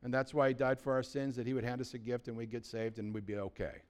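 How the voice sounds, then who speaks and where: A man's voice: mid-range voice, flat delivery, fast talker, a little mellow. A man preaching a sermon as pastor, blunt and urgent, asking the listeners rhetorical questions.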